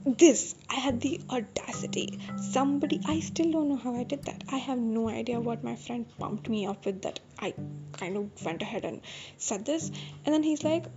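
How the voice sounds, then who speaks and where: A woman's voice: fairly high pitch, normal speed. A woman hosting a podcast who tells a personal story in a candid, self-deprecating, rambling way. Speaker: podcast host. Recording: dull lo-fi audio with music behind. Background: music.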